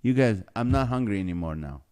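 A man's voice: fairly low pitch, lively intonation, a little fast, darkish tone. A man hosting a live stream, reading viewer comments aloud and joking, often breaking into laughter. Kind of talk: casual live-stream chat.

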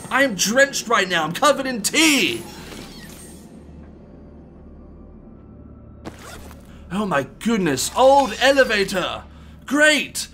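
A man voicing a polite, tea-loving gentleman toy bear animatronic, commenting on gameplay with fussy exclamations and calling people sir. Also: sits high, slight background noise, full character voice. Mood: exasperated. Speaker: let's-play host.

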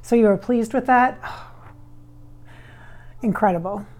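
A woman's voice: a little high, slow pace, darkish tone. A woman working as a psychic medium, talking through a channeling session in a chatty, rambling way. She often corrects herself as she goes.

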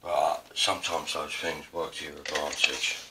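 Printmaking is demonstrated by a man with an Essex accent from South East England, whose bass voice stays level at normal speed. The mic is distant and the background noisy, and his easygoing narration rambles, digresses and gently mocks himself.

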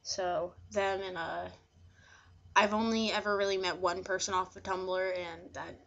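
A woman's voice: lowish voice, steady tone, a little slow, fairly bright tone, highs cut off. Hesitant woman. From New Jersey. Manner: hesitant, with frequent fillers. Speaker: vlogger. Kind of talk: casual word-list reading.

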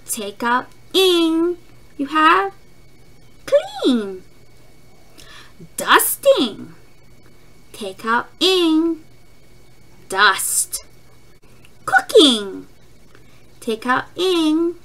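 Slow, lively-voiced kindergarten teacher. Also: female voice, high-pitched. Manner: slow, deliberate, repeats words for children to echo. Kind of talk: phonics lesson for young children.

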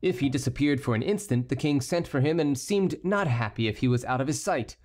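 A man reads a historical novel aloud in a steady, scripted audiobook style. His voice sits in a mid range. He gives the courtiers higher voices of their own. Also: a little fast. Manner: reads every character himself, lifting his pitch for the courtiers. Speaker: audiobook narrator. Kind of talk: scripted narration.

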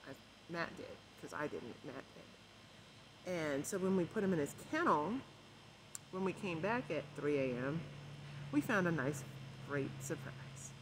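A stressed, emotional woman vlogging at home, rambling softly with many fillers and keeping her voice low. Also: lively intonation. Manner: rambling, many fillers, kept deliberately quiet. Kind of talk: casual rambling vlog chat. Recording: noisy home recording.

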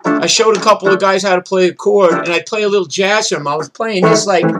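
A man, telling rambling, profane street stories in a gruff voice, like spoken-word poetry. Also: high voice, fast talker. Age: 60s. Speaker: show host and musician. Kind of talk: rambling spoken-word storytelling over guitar. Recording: loud guitar music behind the voice.

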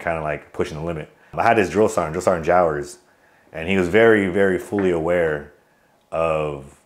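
A man in his thirties with a very deep voice tells stories as an interview guest. He is an outgoing joker who talks loosely and rambles, circling back with fillers and restarts. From California. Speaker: army veteran guest. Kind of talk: casual interview storytelling.

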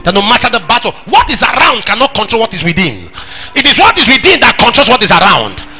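A man with a Nigerian accent preaching a sermon in church, acting out little scenes and shouting at the high points. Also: wildly swooping pitch, fast, music in the background. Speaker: pastor.

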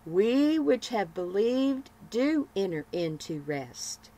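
A woman reading a morning devotional as a sermon, with measured phrasing and emphatic repetitions. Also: mid-range voice, big pitch swings, mellow, low-quality recording. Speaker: devotional broadcaster.

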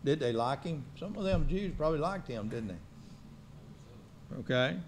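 A man's voice: on the high side, animated, measured pace, a little hiss or hum. A man preaching a sermon in a church, folksy and joking, firing questions at the congregation.

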